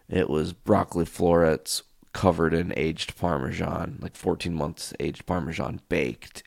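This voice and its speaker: Deep, gravelly-voiced man ranting. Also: no echo, clean studio sound. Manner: profane, ranting, animated storytelling. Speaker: podcast host. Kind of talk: solo podcast storytelling.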